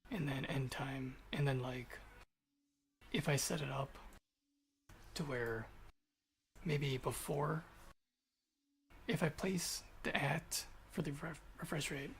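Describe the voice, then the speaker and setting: A man's voice: medium pitch, slow, gravelly, long pauses, fairly bright tone, slight background noise. A man thinking aloud while streaming himself programming, rambling and swearing casually. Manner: rambling, profane, muttering to himself. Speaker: programmer livestreamer.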